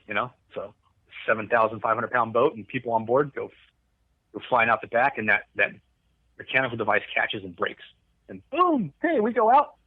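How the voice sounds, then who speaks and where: A lower-voiced man recounts a story in a loose, rambling way, swearing freely and restarting his sentences. The sound is tinny and phone-like. The room adds no echo. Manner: rambling, profane, restarts often. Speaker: podcast guest, Coast Guard veteran. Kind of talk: conversational storytelling.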